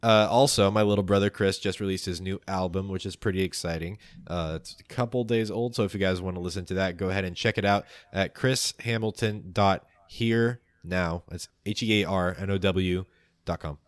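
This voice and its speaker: A man hosting a tabletop game podcast as game master, narrating the story in a measured, playful way and doing the show announcements. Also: deep voice, steady tone, no room sound.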